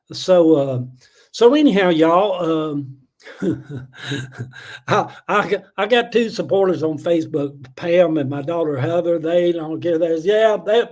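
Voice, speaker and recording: Hosting a casual livestream, a middle-aged man from Atlanta, USA, with a Southern accent rants about politics in a rambling, heated manner, laced with fillers and chuckles. His pitch is fairly high and his tone a little mellow.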